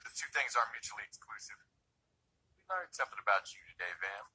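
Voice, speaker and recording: Teasing, bright-voiced man on a stream. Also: on the low side, lively intonation, fast talker, slight background noise, rough recording. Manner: teasing, crude, laughing banter. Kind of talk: casual stream chat.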